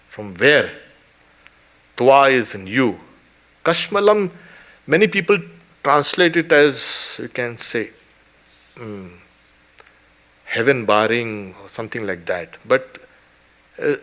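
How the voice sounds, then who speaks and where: A man, a swami, teaching a weekly scripture class in an emphatic lecture style, posing rhetorical questions, often adding "you can say" as an aside and chuckling softly now and then. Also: a little high.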